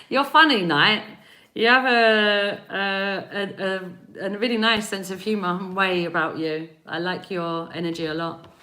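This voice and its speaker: Unhurried, with a mid-range voice that sounds pushed and bright, this woman hosts a live stream as a spiritual reader and energy healer. She speaks with an East London accent, being from there, and rambles and laughs while naming viewers and answering what they comment.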